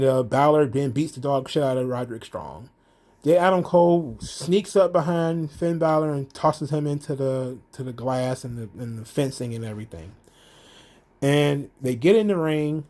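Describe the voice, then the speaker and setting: A man giving a casual, rambling recap of a wrestling show, animated and full of restarts. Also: mid-range voice. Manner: rambling, many fillers and restarts, animated retelling.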